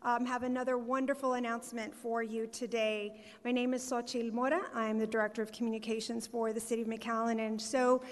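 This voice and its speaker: A woman's voice: fairly high pitch, little pitch movement, brisk, few pauses. A woman from giving a formal welcome speech as a city communications director, upbeat and reading out names with small fillers. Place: performing arts center hall. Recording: long hall reverb.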